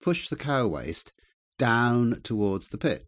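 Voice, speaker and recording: A man's voice: mid-range voice, very animated, slow pace, no room sound. A man in casual chat, telling rambling, self-deprecating stories.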